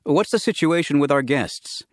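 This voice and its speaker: A man voicing a tense, secretive man who speaks quietly and pleads in a guarded way, read as a scripted audiobook. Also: a little high, animated, moderate pace, no echo, clean studio sound, pitched above the performer's own voice, close to an everyday voice. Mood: hushed. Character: tense secretive man driven by a private grief.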